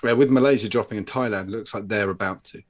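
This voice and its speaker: A man's voice: lowish voice, quick pace. A man chatting as a guest on a show, rambling with many ums and restarts. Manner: rambling, hesitant, many fillers. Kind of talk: casual chat.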